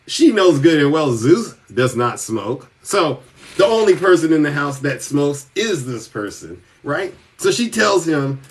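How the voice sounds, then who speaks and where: A man hosting a show, telling a comic story in an animated way and calling himself by name. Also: sits high, a little slow, recorded from a distance. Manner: animated, refers to himself in the third person. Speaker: podcast host. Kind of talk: comedic storytelling monologue.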